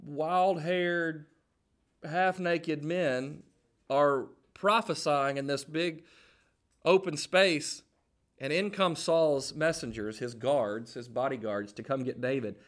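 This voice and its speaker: A man preaching a sermon as jokey, animated storytelling, acting out the people in the story. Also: on the high side.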